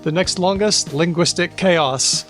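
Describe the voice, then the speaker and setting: A man hosting a podcast in a playful, casual way, briskly reading out lists of names. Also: sits high, a bit bright, soft background music. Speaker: podcast host.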